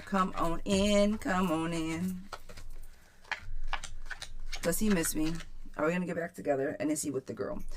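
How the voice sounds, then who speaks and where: A woman's voice: deep voice, background noise. A woman giving a chatty live-stream tarot reading, reading viewers' questions aloud and calling them girl and friend. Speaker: tarot reader.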